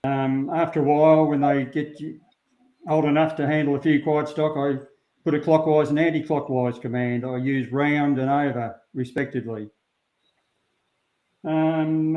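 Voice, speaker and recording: An Australian man speaks in a slightly raised pitch, plain-spoken and unhurried, pausing on many ums. His voice sits in a roomy space, and the recording sounds dull and lo-fi. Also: fairly even intonation. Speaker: sheepdog handler, guest. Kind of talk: relaxed interview talk.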